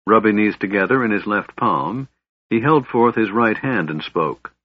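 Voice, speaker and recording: An audiobook narrator with a husky, lowish voice reads a fantasy story as scripted narration at a moderate pace. The recording is dry, slightly dull, and has no room sound.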